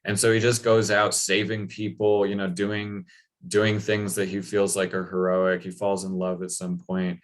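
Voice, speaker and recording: A man's voice: sits low, flat delivery, moderate pace. A man retelling a legend in a loose, chatty talk, full of fillers. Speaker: speaker. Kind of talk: casual storytelling talk.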